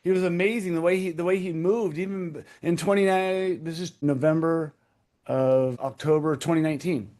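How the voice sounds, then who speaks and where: This podcast guest, a man in his thirties, tells an intense personal story in a somewhat high, slightly mellow voice with fairly even intonation and a moderate pace. He's emphatic, cursing and going back over key phrases again and again.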